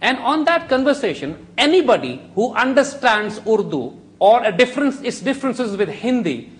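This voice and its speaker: A middle-aged man, a guest on a TV talk show, arguing a case forcefully and firing off rhetorical questions. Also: very high voice, sing-song, normal speed. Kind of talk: argumentative TV discussion.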